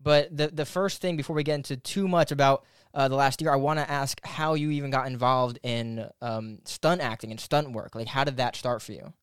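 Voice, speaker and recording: A man's voice: medium pitch, fairly even intonation, clean tone, no room sound, studio quality. A man hosting a casual interview, welcoming his guest and asking questions with friendly fillers. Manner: friendly, with fillers and quick asides. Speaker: podcast host.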